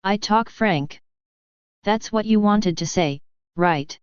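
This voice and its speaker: A woman's voice: mid-range voice, slow, clear, resonant tone, no room sound, lightly acted. A woman reading the lines of a stern, old-fashioned mother of the bride who speaks firmly and matter-of-factly. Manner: firm, matter-of-fact. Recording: dull, dry lo-fi audio.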